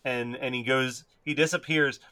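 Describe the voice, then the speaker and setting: A man's voice: medium pitch, steady tone, moderate pace, sharp tone, no room sound. A man co-hosting a casual movie podcast, telling amused stories and laughing often. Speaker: podcast co-host. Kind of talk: casual movie-review chat.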